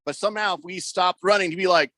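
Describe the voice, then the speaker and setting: Animated, bright-voiced male radio host. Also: high-pitched, fast talker. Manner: animated storyteller, does voices of people he quotes. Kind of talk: casual sports radio banter. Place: radio studio. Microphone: close studio mic. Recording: dry close studio sound.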